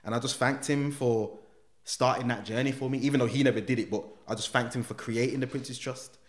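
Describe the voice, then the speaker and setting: A man tells a personal story with animated energy and plenty of street slang. His voice sits in a middle range and he slips into voices for the people in the tale. He speaks as a podcast guest. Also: medium pitch, a little fast.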